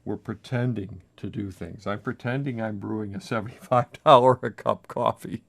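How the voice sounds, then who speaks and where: A man with a low, gravelly voice hosts a casual coffee brewing demo at home. He talks haltingly and nervously, breaking off and restarting often. He is recorded on a camera mic with a crew nearby. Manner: halting, self-interrupting, nervously chatty. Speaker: coffee video host. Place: home kitchen.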